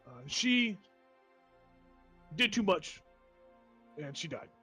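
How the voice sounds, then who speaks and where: A man voicing a pompous male wizard who leads a funeral, talking in a formal and halting way. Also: high-pitched, lively intonation, bright, forceful tone, slightly rough, faint music behind, heavily acted. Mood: solemn. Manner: hesitant, formal, halting speech.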